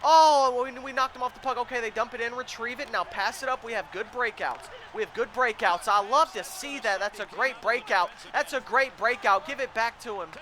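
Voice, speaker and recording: High-pitched man yelling at a hockey game. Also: a little fast, hardly any pauses, slight background noise. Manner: frantic, pleading with players, yelling at the game. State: voice going hoarse. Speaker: gamer commentating his own play. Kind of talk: excited let's-play commentary.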